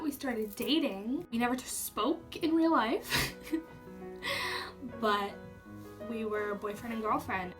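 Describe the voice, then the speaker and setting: Chatty young woman, slightly high voice. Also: recorded from a distance. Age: young adult. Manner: chatty, says "like" often, swears freely. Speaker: YouTuber. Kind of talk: casual storytelling to camera.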